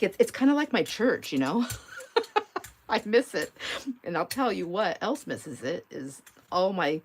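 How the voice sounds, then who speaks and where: A woman's voice: lowish voice, a little hiss or hum. A middle-aged woman hosting a live art stream, chatting in a rambling way and laughing often as she talks to viewers while she crafts. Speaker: mixed media art livestream host.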